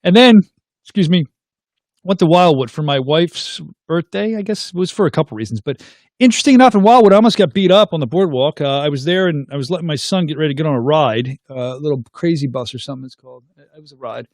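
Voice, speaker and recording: Man, thirties, talk show host, rapid delivery, dry close mic, animated storytelling. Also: on the high side, no echo. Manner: animated, acts out dialogue in his anecdotes; reads viewer comments aloud. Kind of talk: casual livestream storytelling.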